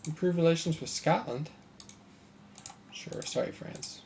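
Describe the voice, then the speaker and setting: A man of ordinary pitch, thinking aloud and joking dryly as he plays a strategy game at his computer. Faint hiss sits under his voice, with keyboard clicks now and then. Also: moderate pace, a little mellow. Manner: musing aloud, mildly sarcastic. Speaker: gameplay commentator. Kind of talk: casual gameplay commentary.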